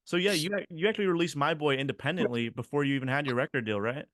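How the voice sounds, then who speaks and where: A man hosting a casual music interview, mostly giving brief affirmations and quick follow-up questions. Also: on the high side, fairly bright tone, dry recording. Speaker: podcast host.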